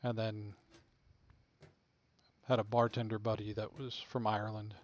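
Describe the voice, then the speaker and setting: A man's voice: on the low side, flat delivery, measured pace, highs cut off. A man talking casually to himself while playing a video game, laid-back and muttering. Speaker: game streamer. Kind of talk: casual gameplay commentary.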